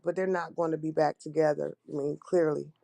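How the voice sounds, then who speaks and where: A woman's voice: deep voice, fairly even intonation, fairly quick, gravelly, dark tone, no room sound. A woman hosting a casual livestream chat, talking in a loose, rambling way with many restarts. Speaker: livestream host.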